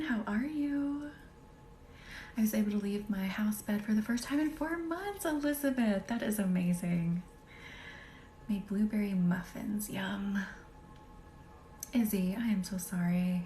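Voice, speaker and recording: A woman leading a live healing session, her voice soft and often dropping to a half-whisper as she welcomes viewers one by one. She sits at a middling pitch in a roomy, echoing space with faint music playing behind her. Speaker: reiki practitioner hosting a live stream. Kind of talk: casual live-stream chat with guided relaxation. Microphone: phone or webcam for live stream.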